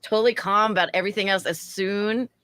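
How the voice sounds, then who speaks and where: A woman co-hosting a podcast, telling a bar story casually and acting out the people in it with big jumps in her voice. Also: a little fast. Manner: animated, acts out quoted people with big pitch jumps. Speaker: podcast co-host.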